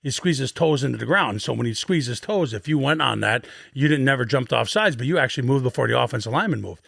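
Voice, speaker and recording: A man in his fifties telling rough, profane stories as a podcast guest in an animated, swearing way. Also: medium pitch, quick pace, no echo, clean studio sound. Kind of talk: casual storytelling on a sports podcast.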